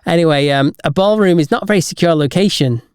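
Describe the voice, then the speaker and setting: A man co-hosting a casual podcast, telling jokes deliberately and chuckling at his own punchlines. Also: on the high side, a little mellow, smooth, dry recording, clean studio sound. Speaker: podcast co-host.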